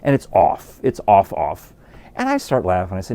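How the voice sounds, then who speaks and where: A man's voice: low voice, huge pitch swings, normal speed, vocal fry, dark tone. A man hosting his podcast from a porch at home, telling amused, rambling stories with plenty of fillers. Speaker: podcast host. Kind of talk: casual storytelling.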